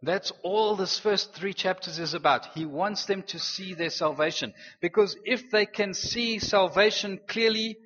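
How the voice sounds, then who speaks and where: A man preaching a sermon, earnest and animated, slipping in playful teasing asides. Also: sits high. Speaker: pastor. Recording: dull, reverberant hall sound.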